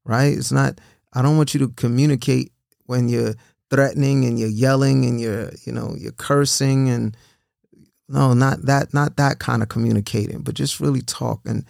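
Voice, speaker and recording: A man with a gravelly, creaky voice talks in a casual, earnest way, encouraging his listeners. He repeats words as he goes and keeps asking "right?". The sound is dry and close, with almost no room echo. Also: medium pitch, fairly even intonation, moderate pace, a little mellow. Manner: earnest, repeats himself, asks "right?" often.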